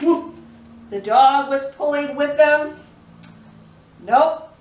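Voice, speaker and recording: Slow sing-songy lady doing toddler storytime, echoey room, mic kinda far off. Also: high voice. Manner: expressive storyteller, makes animal noises. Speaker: children's librarian.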